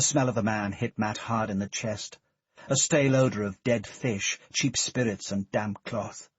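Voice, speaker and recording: A man reading an audiobook in a measured, steady narration. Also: fairly low pitch, slightly rough, no room sound. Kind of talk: scripted narration. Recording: dull, dry studio recording.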